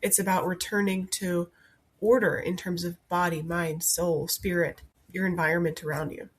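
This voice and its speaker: A woman in her thirties hosting a faith-based self-help podcast, speaking in a gentle, earnest coaching manner with many rhetorical questions. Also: lowish voice, flat delivery, normal speed, breathy edge. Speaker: podcast host and wellness coach.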